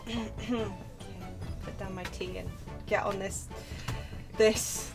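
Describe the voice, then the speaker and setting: A woman's voice: mid-range voice, fairly even intonation, takes it slowly, creaky, music in the background. A woman co-hosting a gaming stream, chatting casually and teasing with playful banter. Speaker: streamer co-host.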